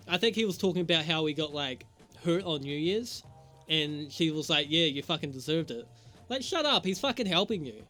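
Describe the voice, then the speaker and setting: A man's voice: on the high side, a bit bright. A young man doing a casual review vlog, talking in a profane, sarcastic, rambling way and laughing at his own jokes. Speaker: show reviewer.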